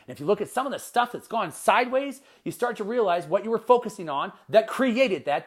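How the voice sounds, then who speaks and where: A man hosting his own motivational podcast, talking with punchy energy and firing off repeated rhetorical questions. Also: sits high. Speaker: podcast host and life coach.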